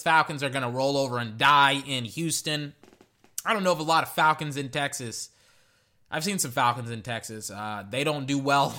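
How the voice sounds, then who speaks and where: A young man ranting through his weekend football picks in casual solo commentary, exasperated and jumping up and down in pitch. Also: sharp tone. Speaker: sports podcaster giving picks. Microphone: echoey metal can around the mic.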